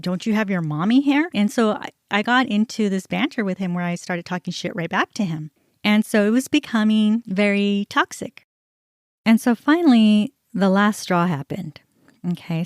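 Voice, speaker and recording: A woman hosts her own podcast and tells a personal story frankly, in a voice of middling pitch. She acts out the exchanges as she tells them. The sound is dry, with almost no room echo. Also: clean tone. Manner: candid, animated retelling with quoted dialogue. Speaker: podcast host.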